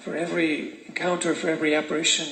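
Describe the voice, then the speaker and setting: A man with a somewhat high voice interprets consecutively for a speaker in church. He renders each phrase into English in a measured, steady way, and his voice rings in a roomy space. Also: gravelly. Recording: echoey room.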